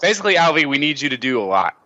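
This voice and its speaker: Male podcast co-host, very animated and bright, jokes around, audio a bit muffled. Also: on the high side, very fast. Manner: animated, jokey, hesitant with ums. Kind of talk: casual chat.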